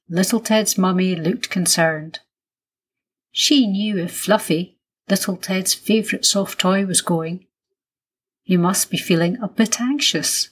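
A woman reading a children's story aloud in a gentle, unhurried manner. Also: on the low side, breathy edge.

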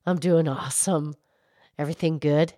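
A woman voicing a gentle female cow who calmly explains history on a children's show. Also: low-pitched, normal speed, no room sound, clean studio sound, natural voice. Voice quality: calm, explanatory, hesitant restarts. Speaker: co-host, explainer.

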